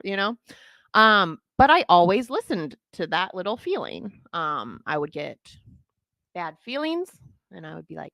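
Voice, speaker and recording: A woman's voice: mid-range voice, very animated, normal speed, pushed and bright, dry recording. A woman hosting a podcast, telling a story in casual chat, laughing often and acting out the voices she quotes. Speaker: podcast host.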